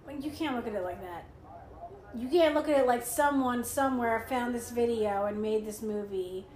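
A woman's voice: fairly high pitch, normal speed, a little mellow. Chatty woman in a roomy room. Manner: chatty, lots of "like", argumentative. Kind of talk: casual movie commentary chat. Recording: roomy room with faint noise.

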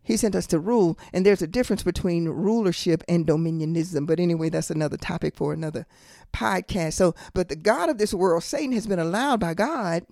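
A woman's voice: lowish voice, brisk, creaky, dark tone, dry recording. Emphatic preaching woman, dry sound. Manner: emphatic, repeats phrases for stress, rhetorical questions; colloquial asides. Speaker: podcast host and Bible teacher. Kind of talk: preaching monologue.

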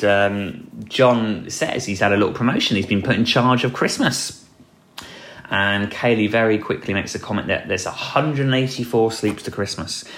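A man's voice: fairly low pitch, fairly bright tone. A man hosting a solo podcast, talking in a rambling, chatty way with dry jokes and plenty of ums and uhs. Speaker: podcast host. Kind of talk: casual solo podcast recap.

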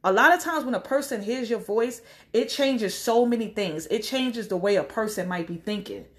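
Speaking at normal speed in a slightly high voice, a woman rants casually to the camera as a social media commentator. Her advice is blunt and profane, and she acts out anyone she quotes.

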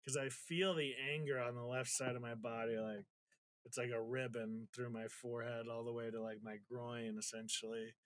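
A man's voice: mid-range voice, little pitch movement, normal speed. A man in a casual conversation, telling a personal story candidly, swearing freely and getting emotional as he talks. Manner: reflective, gets emotional while recounting.

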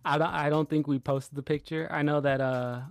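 A man co-hosting a podcast, telling a long story in a relaxed way and acting out what others said. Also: fairly high pitch, a little fast, dry recording. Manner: laid-back storytelling, retelling quotes. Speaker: podcast co-host. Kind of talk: casual chat.

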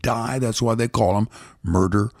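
A man's voice: fairly low pitch, moderate pace, a little mellow, no room sound, clean studio sound. A man in his seventies hosting a rambling, folksy one-man commentary, chatting casually and drifting from topic to topic. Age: 70s.

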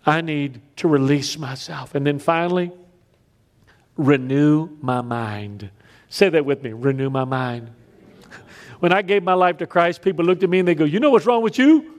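A man preaching a sermon, telling stories with big swings between loud raised lines and quiet emphatic drops. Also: on the high side, moderate pace. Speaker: pastor.

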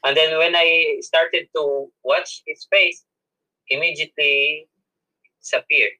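A man's voice: a little high, level tone, takes it slowly, pushed and bright, rough recording. A man, a monk guest, telling a personal story in an interview with many restarts and self-corrections and frequent laughs. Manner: laughs often while telling.

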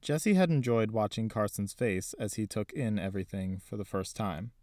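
Low-voiced male audiobook narrator. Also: normal speed, a little mellow, no echo, clean studio sound.

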